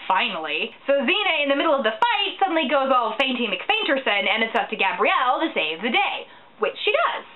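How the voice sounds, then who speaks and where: A woman's voice: high voice, big pitch swings, brisk, a little hiss or hum. A woman giving a comic, sarcastic recap of a TV episode, full of wry asides. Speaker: recap vlogger. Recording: tinny, phone-like sound.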